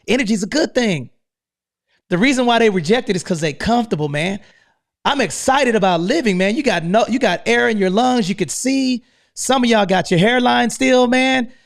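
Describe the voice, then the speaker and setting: A high-voiced American man hosting a live online room with nonstop hype. He pushes every line loud and fast and tags "man" onto almost all of them. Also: expressive, gravelly. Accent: American English. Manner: hyped, loud, keeps saying "man". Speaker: host.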